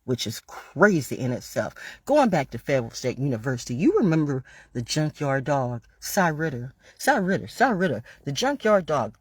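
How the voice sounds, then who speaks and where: A woman's voice: deep voice, very animated, moderate pace, hardly any pauses, slightly rough, dry recording. Woman, ranting vlog monologue, confrontational, profane, repeats phrases, dry close sound. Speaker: online broadcaster.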